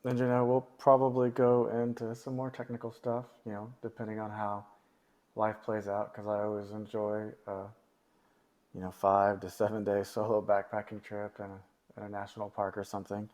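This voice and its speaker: A man co-hosts a casual podcast in a somewhat low voice. He talks in an easygoing, halting way, leaning on ums and you-knows as he goes. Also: completely flat delivery, darkish tone. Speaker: podcast co-host.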